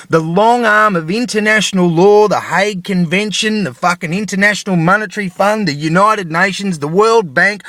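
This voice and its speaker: A man's voice: sits high, fairly bright tone, no room sound, clean studio sound. A middle-aged man with an Australian accent, ranting angrily to camera with lots of swearing and repeated rhetorical questions. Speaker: vlogger. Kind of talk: angry ranting monologue.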